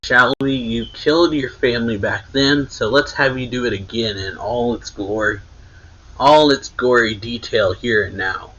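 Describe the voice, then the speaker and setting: A man's voice: medium pitch, unhurried, bright, forceful tone. A man voicing a taunting male demon tormentor in a mocking, gloating way, on dull lo-fi audio.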